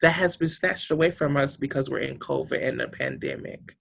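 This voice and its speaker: A woman's voice: very deep voice, huge pitch swings, brisk, vocal fry. A woman guest in a heartfelt interview, speaking emphatically and passionately, with a preacher-like, rousing manner and salty language. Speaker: guest, community organization director.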